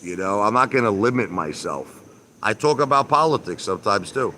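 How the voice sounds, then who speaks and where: A man's voice: lowish voice, animated, brisk, sharp tone, a little hiss or hum. Emphatic man ranting on a live stream. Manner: repetitive, emphatic, mildly profane. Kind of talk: casual live-stream rant. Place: backyard by a pool.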